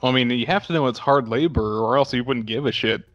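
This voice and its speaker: A man co-hosting a casual movie podcast, laid-back and joking, with some swearing. He speaks at a middle pitch. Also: a little fast, a bit bright, lo-fi sound, soft background music. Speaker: podcast co-host. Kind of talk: casual movie chat over beer.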